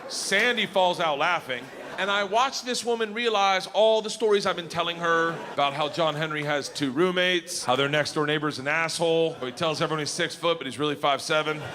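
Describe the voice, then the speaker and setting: Brash, profane middle-aged comic. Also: male voice, a little high, a little fast, slight background noise. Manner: brash, profane, bursts into excited yelling. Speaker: stand-up comedian. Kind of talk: stand-up comedy routine. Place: comedy stage. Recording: live stand-up in a reverberant hall.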